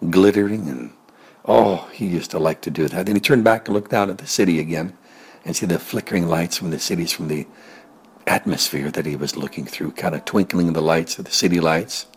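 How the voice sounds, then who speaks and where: A man with a low, husky voice spins an improvised tale. His delivery is rambling and gentle, and now and then it sinks to a soft near-whisper. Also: normal speed. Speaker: storyteller. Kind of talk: improvised spoken storytelling.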